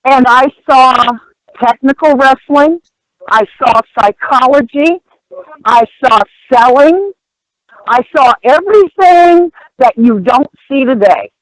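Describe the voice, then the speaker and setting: An older woman, a former wrestler, chatting as a podcast guest and telling animated, emphatic stories. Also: high voice, slow, dry recording, low-quality recording. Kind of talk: casual podcast chat.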